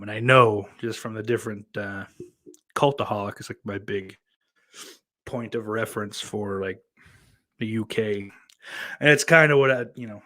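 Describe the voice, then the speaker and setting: A man's voice: lowish voice, sharp tone. A man with a Southern accent hosting a podcast, reading listener comments and riffing in a profane, rambling, sardonic way. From New York. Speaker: podcast host.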